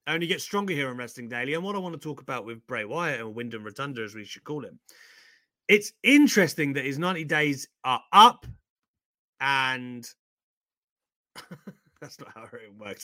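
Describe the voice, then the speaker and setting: A man co-hosting a news chat show, with a high-ish, bright voice that rises and falls a lot. He jokes loudly, then drops to a mutter. The close mic sounds dry, with no room in it. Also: dry recording. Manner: loud, jokey, laughing, swings between shouting and muttering. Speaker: co-host of a wrestling news show. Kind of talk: energetic casual banter.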